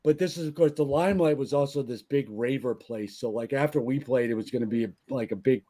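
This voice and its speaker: Mellow-voiced man telling rowdy stories. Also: medium pitch, a little fast. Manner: rambling, profane anecdotes, frequent restarts. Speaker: podcast guest, band member. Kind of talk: casual storytelling chat.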